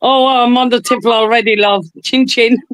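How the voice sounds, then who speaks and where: A woman's voice: fairly high pitch, steady tone, moderate pace, a bit bright, clear, resonant tone, rough recording. An Irish woman chatting on a video call, jolly and laughing a lot, calling everyone love. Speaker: guest on a live video chat. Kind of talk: casual chat.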